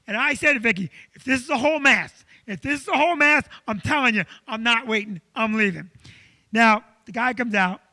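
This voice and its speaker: Man, comic storyteller, loud, animated, very high voice, dry close sound. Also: a little fast, no room sound. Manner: animated, loud, acts out quotes. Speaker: comedian co-host.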